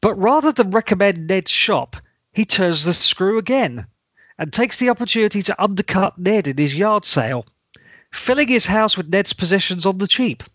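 A man hosting a podcast, reading a scripted episode recap in a dry, semi-deadpan manner. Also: high voice, moderate pace, slightly rough, no room sound, lo-fi sound. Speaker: podcast host.

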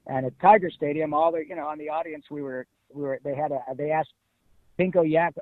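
A middle-aged man from Detroit, telling stories as an interview guest in an animated, emphatic way. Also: a little high, fairly quick, no room sound. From Detroit, USA. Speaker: guest voice actor. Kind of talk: casual interview. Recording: tinny phone-like line.

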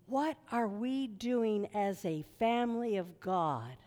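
A woman preaching a sermon, shouting commands at times and telling chatty stories with asides. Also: mid-range voice, slow. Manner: animated, shouting commands at spirits, then chatty storytelling with asides. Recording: reverberant hall.

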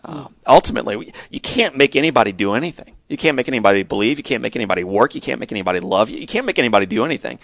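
A man's voice: mid-range voice, expressive, very fast, hardly any pauses, dry recording. A middle-aged man, a podcast guest, telling a personal story with earnest, emphatic storytelling. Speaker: guest speaker.

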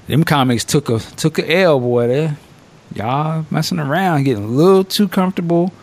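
A man hosting a podcast in casual chat, telling stories with slang and swearing, jumping up high to act out quotes, and laughing often. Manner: animated storytelling, acting out quotes in a raised voice. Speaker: podcast host.

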